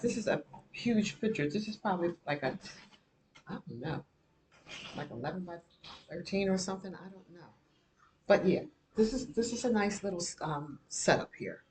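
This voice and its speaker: A woman's voice: mid-range voice, a little mellow, a little hiss or hum. A middle-aged woman vlogging from her kitchen, rambling in casual chat and peppering her talk with "you know". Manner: rambling, repeats herself, many "you know"s. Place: home kitchen.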